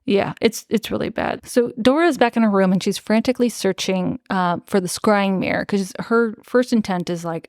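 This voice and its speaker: A woman's voice: medium pitch, moderate pace, few pauses, darkish tone, no room sound, studio quality. A young woman co-hosting a podcast, recapping a book in casual chat, full of filler words and swearing. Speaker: podcast co-host.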